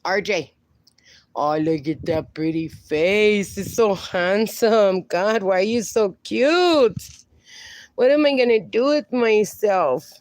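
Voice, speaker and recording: A woman's voice: medium pitch, takes it slowly, darkish tone, no room sound. A woman hosting a casual phone livestream outdoors with her dogs, greeting viewers and cooing at the dogs in baby talk. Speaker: livestream host.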